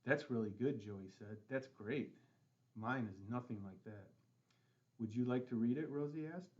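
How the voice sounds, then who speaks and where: Man with a lowish voice reading a kids' book aloud, dull recording. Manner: gentle storytelling with light character voices. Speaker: school board president reading aloud. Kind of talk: children's book read-aloud.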